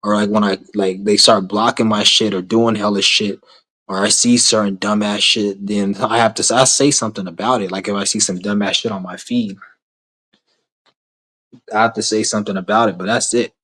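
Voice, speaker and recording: A man's voice: on the low side, fairly even intonation, moderate pace, pushed and bright, low-quality recording. A man ranting to his camera in a blunt, rambling, heavily profane way, repeating himself as he goes. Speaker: vlogger.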